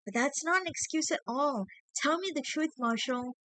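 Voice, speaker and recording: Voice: high-pitched, moderate pace, pushed and bright, dry recording, voice pushed up. A reader voicing a young woman who pleads tearfully with her boyfriend. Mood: tearful pleading.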